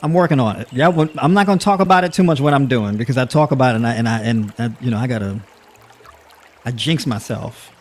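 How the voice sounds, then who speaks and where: A man's voice: mid-range voice, fast. Chatty male livestream host. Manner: chatty, laughs often, heavy fillers; addresses audience with y'all. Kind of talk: casual livestream talk to the chat.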